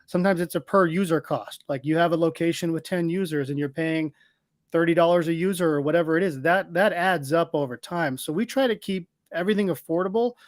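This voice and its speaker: A man speaking as an interview guest, explaining his company's software in a confident, explanatory way. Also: brisk, no room sound, clean studio sound. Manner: explanatory, confident pitch of a product. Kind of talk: casual interview talk.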